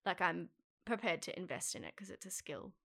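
Bright rambling young woman. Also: fairly low pitch, animated, fairly quick, creaky, dry recording. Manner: rambling, filler-heavy, laughs often. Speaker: actress being interviewed. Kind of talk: casual interview chat.

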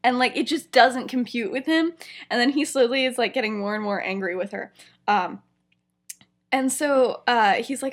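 A young woman co-hosting a podcast, retelling a story in casual chat, animated, with lots of fillers. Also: on the high side, normal speed. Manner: animated storytelling, many fillers, frequent laughs. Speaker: podcast co-host.

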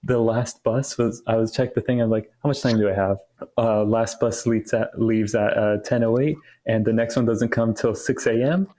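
A man's voice: mid-range voice, steady tone, moderate pace, warm tone. A young man and podcast co-host telling a rambling story in casual chat, with many restarts. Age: young adult.

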